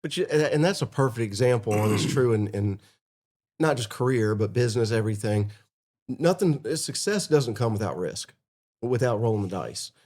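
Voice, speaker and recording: A man with a mellow, even-pitched voice hosts a podcast interview. He asks his questions casually and adds reflective thoughts of his own. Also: normal speed. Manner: encouraging interviewer, reflective asides. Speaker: podcast host.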